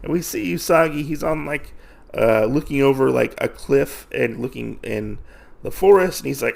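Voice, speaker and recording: A man with a gravelly, mid-range voice talks through a comic book story for his podcast. He rambles casually, stumbling and restarting as he goes, and his delivery stays loose and conversational. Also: mid-range voice, expressive, unhurried. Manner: rambling, heavy on fillers and restarts. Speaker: podcast host.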